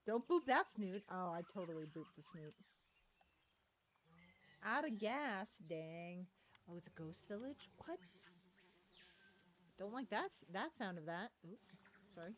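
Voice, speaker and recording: This is a woman commenting on her own gameplay in a casual, think-aloud way. Her pitch swings around with lively animation, settling at an ordinary middle height. She fills the talk with quick excited exclamations. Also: slight background noise. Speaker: gaming streamer. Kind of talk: let's play commentary.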